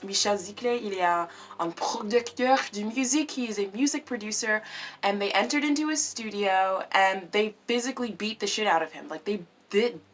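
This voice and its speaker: A woman vlogging in a casual, animated way, swearing freely and tossing in French words. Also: medium pitch, normal speed. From United States. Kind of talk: casual opinion vlog.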